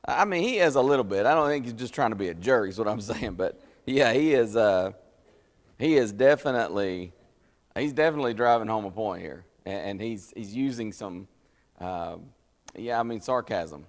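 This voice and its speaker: In a church meeting room, a man leads a Bible study at a moderate pace, sounding animated and folksy. He explains scripture conversationally and acts out the quotes with a rising pitch, while the church hall adds a long reverb.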